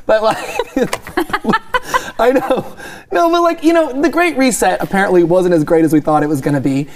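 A man's voice: sits high, moderate pace, background noise. A man who is a guest commentator, chatting casually about politics in a joking, sarcastic way and laughing often.

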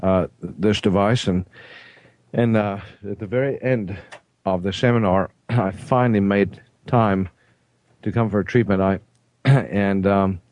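A South African man hosting a studio talk show, hesitant, with frequent throat clearing and fillers. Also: fairly low pitch, measured pace, a little mellow, dry recording. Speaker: host. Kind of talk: casual radio talk show.

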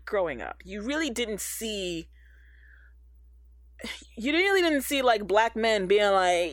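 Female host, casual and slangy, lively pitch, dry room. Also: moderate pace, no room sound. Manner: animated, slangy, laughs often. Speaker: podcast host. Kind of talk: casual chat.

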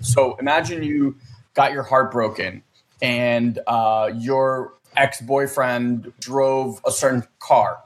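A man's voice: mid-range voice, slow. Earnest rambling man telling a story. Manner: rambling, many fillers, earnest. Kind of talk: casual storytelling.

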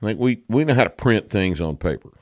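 A man with a very low voice talks as a podcast host, blunt and sure of his opinions, swearing casually. The sound is close and dry with no room around it. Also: animated, a little fast, no room sound. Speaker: show host.

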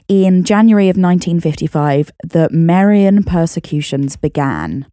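A woman's voice: lowish voice, mellow, no room sound, studio quality. A British woman telling a history story as a podcast co-host, chatty, with laughing asides. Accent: British English. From Britain.

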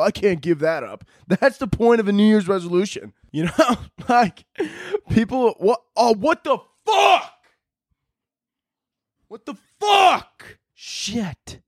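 A man's voice: medium pitch, no room sound, clean studio sound. A young man hosting a podcast on his own, ranting sarcastically with lots of swearing. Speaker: podcast host. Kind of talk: solo comedic rant.

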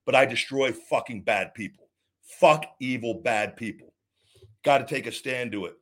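A middle-aged man hosts an unscripted live show, answering viewer questions and swinging between profane, heated ranting and calm, rambling advice. He often repeats words and restarts, speaking at normal speed in a mid-range voice.

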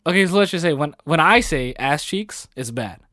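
A man's voice: on the high side, lively intonation, moderate pace, sharp tone, no echo, clean studio sound. A man in casual chat as a podcast co-host, laid-back and slangy, swearing easily.

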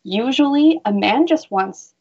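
Earnest woman with a gravelly voice. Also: fairly high pitch, a little slow. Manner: earnest, animated, acts out quoted voices. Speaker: guest expert, bra fitter. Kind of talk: casual radio interview. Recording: dull lo-fi sound.

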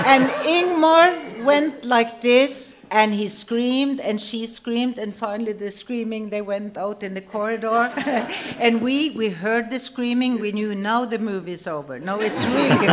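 Older woman telling an animated story. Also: fairly high pitch, noisy background. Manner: animated storyteller, acts out quoted lines, laughs often. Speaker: guest actress telling a story. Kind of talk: anecdote to a live audience.

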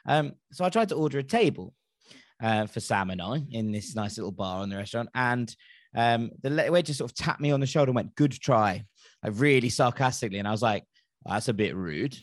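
A man hosting a casual podcast, telling stories in an animated, exasperated way. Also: medium pitch, fairly quick, no room sound, clean studio sound. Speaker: podcast host. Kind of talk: casual chat.

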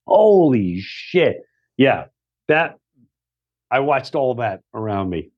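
Animated middle-aged man telling stories. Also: mid-range voice, slow pace, dull audio. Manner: animated, swears, acts out quoted voices. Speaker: guest comedian. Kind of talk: casual storytelling chat.

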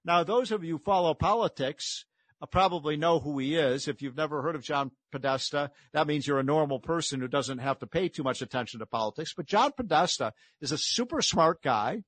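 A man with a fairly high voice delivers a combative political monologue as a talk show host, mocking his targets and chuckling between points. The sound is dry and close, with no room around it. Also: expressive, a little fast, fairly bright tone, no room sound.

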